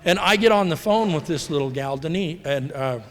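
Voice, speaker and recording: A man's voice: a little high, expressive, fairly quick. Candid middle-aged man telling his story in a hall. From United States. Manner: candid, rambling, acts out quoted voices. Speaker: speaker at a recovery convention. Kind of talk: personal storytelling talk. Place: large hall. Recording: live hall recording with long reverb.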